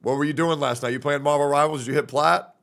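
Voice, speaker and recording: Streamer host, male, slightly high gravelly voice, teasing banter. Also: steady tone, fast talker, a bit bright. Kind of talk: casual group call chat.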